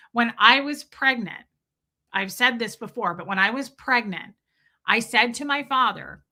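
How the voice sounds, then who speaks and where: Woman streamer, casual and indignant rambling, bright and tense tone. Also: mid-range voice. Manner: rambling, indignant, addresses viewers mid-sentence. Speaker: livestream host reading chat. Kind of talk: casual livestream commentary.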